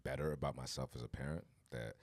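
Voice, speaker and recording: A man's voice: a bass voice, quick pace, no room sound. A man co-hosting a podcast, telling stories in a casual conversation and driving points home through repetition. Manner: storytelling, emphatic repetition. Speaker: podcast co-host.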